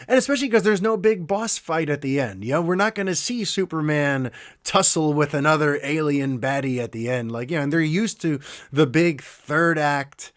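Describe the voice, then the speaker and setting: A middle-aged man hosting a podcast, telling a heartfelt story in an animated, emotional way, with quick asides. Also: fairly high pitch. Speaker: podcast host. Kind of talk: casual podcast monologue.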